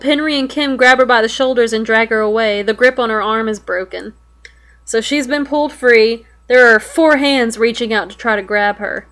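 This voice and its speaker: A woman's voice: a little high, moderate pace, fairly bright tone. Young woman reading and reacting, swearing. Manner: reads aloud, swears and exclaims in alarm. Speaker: web fiction reader reacting.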